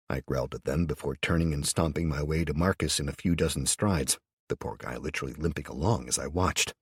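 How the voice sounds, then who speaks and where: A man narrates a first-person audiobook in a low, husky voice, blunt and sardonic in tone. The sound is dry and close, with no room around it. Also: brisk, no room sound.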